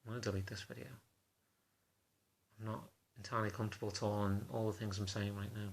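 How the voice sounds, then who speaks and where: A man talking to camera in a confessional vlog, halting and self-conscious in a subdued, low-key way. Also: little pitch movement. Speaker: vlogger.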